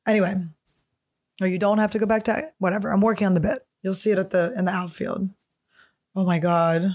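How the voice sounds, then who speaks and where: In her solo podcast, a woman comedian chats casually in a profane, stream-of-consciousness ramble that jumps topics. Her mid-range voice is steady and darkish in tone, and she speaks fairly quickly.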